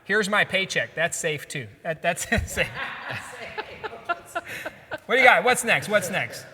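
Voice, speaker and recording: A man's voice: sits high, animated, a little slow, a crowd in the background. A man hosting a casual podcast, joking and laughing often as he reads memes aloud. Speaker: podcast host. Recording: long hall reverb.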